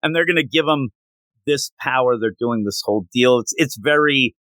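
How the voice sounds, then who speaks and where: A man co-hosting a podcast, chatting casually in an animated, rambling, joking way. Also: mid-range voice, moderate pace, dry recording. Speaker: podcast co-host. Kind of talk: casual chat.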